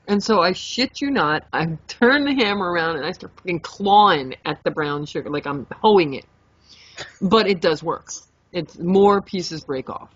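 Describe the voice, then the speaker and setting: A young adult woman co-hosting a podcast, telling a story in a lively, animated way, swearing freely and acting out her own reactions. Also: fairly low pitch, moderate pace, no echo. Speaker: podcast co-host. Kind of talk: casual storytelling chat. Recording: dull lo-fi podcast mic.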